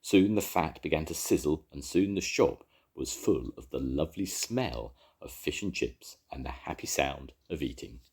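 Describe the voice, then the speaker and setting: Brief: older male storyteller, very deep, husky, lively reading. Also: moderate pace, hardly any pauses. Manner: expressive reading. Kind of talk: children's story read aloud.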